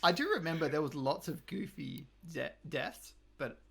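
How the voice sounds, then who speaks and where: A man's voice: fairly high pitch, normal speed, creaky, bright, forceful tone, husky. An Australian man co-hosting a podcast, chatting casually about a film and joking and laughing often. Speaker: podcast co-host. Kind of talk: casual film review chat.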